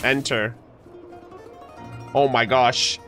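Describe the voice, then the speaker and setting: A man streaming a game, reacting and joking excitedly with his chat as he plays. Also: mid-range voice, drawn-out words. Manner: excitable, jokey, talks to chat. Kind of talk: casual gameplay reaction commentary. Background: faint game music.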